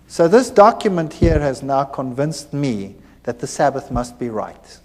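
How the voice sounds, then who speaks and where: A man, a former university lecturer, giving a personal testimony, telling his story with animated acted-out dialogue. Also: mid-range voice, a little slow. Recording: hall reverb.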